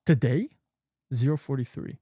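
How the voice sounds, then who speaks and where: A man's voice: medium pitch, moderate pace, warm tone, husky, no room sound, studio quality. A man hosting a live stream, talking casually and in a scattered, muttering way while sorting files, swearing freely now and then. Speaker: streamer host.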